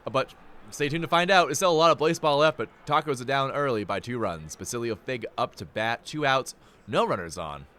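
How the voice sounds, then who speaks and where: A young man calls the action live in a medium-pitched voice. His delivery is loose and jokey, full of playful asides between plays. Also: animated, a little fast, a bit bright. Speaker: play-by-play announcer. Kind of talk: live play-by-play commentary.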